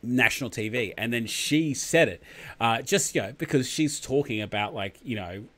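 Australian man, live chat host, rambling, laughs a lot, mid-pitched voice. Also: moderate pace, fairly bright tone. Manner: rambling, laughs often, many fillers.

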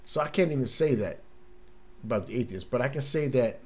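A laid-back man talking loosely into the mic as the host of a casual talk show. He chats like he is telling friends a story, drops into playful bits of acted-out scenes, and laughs easily. His voice sits at an everyday middle pitch. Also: expressive, a little fast. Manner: laid-back and chatty, laughs often, acts out little scenes. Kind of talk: casual monologue.

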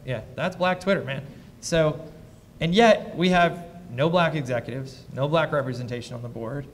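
A man who invests in startups, speaking as a fireside chat guest before a live audience, blunt and profane as he tells lively anecdotes. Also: a little high, normal speed, long reverb tail. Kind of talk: candid onstage storytelling.

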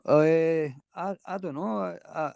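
A middle-aged man with a Scottish accent, chatting haltingly on a live stream and saying aye a lot. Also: on the high side, vocal fry, darkish tone, dry recording. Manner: halting, restarts a lot, says aye often. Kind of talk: casual chat.

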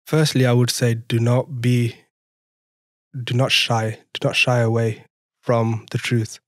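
A man's voice: medium pitch, level tone, measured pace, dry recording, clean studio sound. A young man with a French accent, telling his story as a podcast guest, laughing often and acting out conversations. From France. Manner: laughs often, re-enacts dialogue animatedly. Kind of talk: casual storytelling interview.

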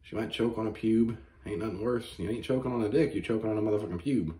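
Low-voiced guy doing a crude mock-outraged rant, echoey room. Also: fast. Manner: profane, mock-outraged, animated storytelling. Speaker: comedy podcast host.

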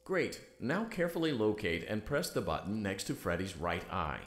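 An actor playing a calm, polite male guide giving step-by-step instructions over an intercom in a game. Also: fairly low pitch, moderate pace, roomy sound. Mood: instructive.

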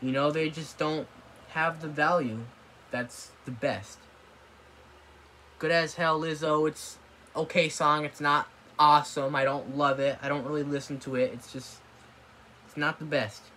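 Brief: young-sounding man with a bright, fairly high voice, ranting bluntly into a tablet mic, faint hiss behind. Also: steady tone, measured pace. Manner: blunt and dismissive, swears often, gets worked up. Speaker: vlogger. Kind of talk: ranting video commentary. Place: apartment room. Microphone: tablet microphone.

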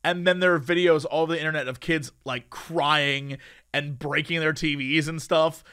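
A man's voice: on the high side, normal speed, clear, resonant tone. A man co-hosting a podcast in casual, joking chat. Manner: animated, joking. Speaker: podcast co-host. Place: lives in Los Angeles.

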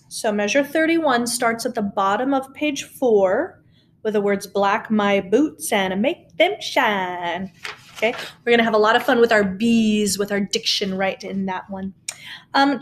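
High-voiced upbeat woman choir teacher. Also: a little hiss or hum. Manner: upbeat, encouraging, coaching with clear instructions. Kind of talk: recorded singing lesson.

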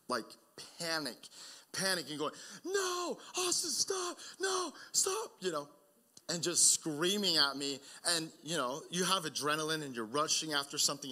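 Young male preacher, bright and fairly high, casual storyteller who gets urgent. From Oregon, United States. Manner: conversational, builds to loud urgent emphasis. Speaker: pastor. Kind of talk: sermon with personal stories.

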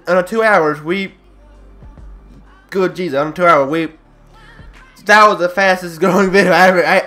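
A man casually commentating his own football video game match, excitable and trash-talking the referee. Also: fairly high pitch. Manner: excitable, yells at the referee, playful trash talk. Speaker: gaming YouTuber.

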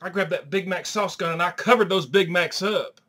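A loud, crude woman, as a man puts her on dishes trash in a high, bright, sharp voice. She is a brash, gossiping comedy-sketch auntie who spares nobody. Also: normal speed. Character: brassy crude Southern middle-aged woman, Aunt Charlene.

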